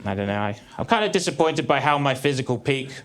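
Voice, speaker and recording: A man in his thirties doing a stand-up comedy set on a theatre stage, with a dry, deadpan delivery. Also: mid-range voice, quick pace. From England. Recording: live theatre with crowd laughter. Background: audience laughter.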